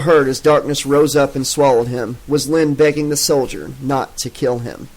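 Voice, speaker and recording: A man narrating a horror audiobook in a steady, dramatic reading. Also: medium pitch, moderate pace, hardly any pauses, low-quality recording.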